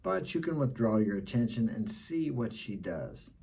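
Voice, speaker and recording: A man's voice: fairly low pitch, very animated, normal speed, vocal fry, mellow, husky. A middle-aged man giving blunt dating advice in a casual monologue, repeating his key points.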